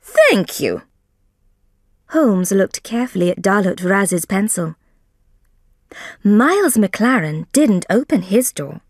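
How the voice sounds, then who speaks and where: Slow, careful woman reading a story. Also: medium pitch, expressive, no room sound, studio quality. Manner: careful, deliberate delivery. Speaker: reader of a graded story.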